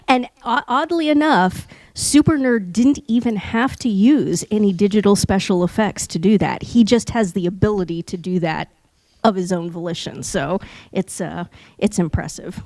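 A woman's voice: lowish voice, darkish tone, no echo, rough recording. A woman co-hosting a podcast in casual chat, talking in a chatty way with many fillers. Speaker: podcast co-host.

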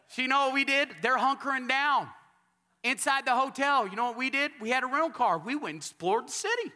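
A man from Texas, a pastor preaching a sermon in a church sanctuary, telling stories and building up to shouted calls for amens. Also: very high voice, expressive, brisk.

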